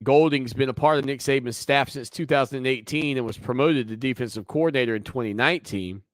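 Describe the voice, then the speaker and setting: Male sports talk host, mid pitch, dry close studio sound, chatty and opinionated. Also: fast, no echo. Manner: conversational, opinionated, teasing asides. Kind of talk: sports talk radio monologue.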